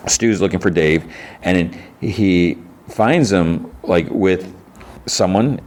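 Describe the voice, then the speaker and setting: A man's voice: low-pitched, slow, a little mellow. A man hosting a podcast, rambling through a casual recap of a TV episode with restarts and the odd laugh. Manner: rambling, with frequent restarts and "he's like" quotes; laughs while telling the story. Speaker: podcast host.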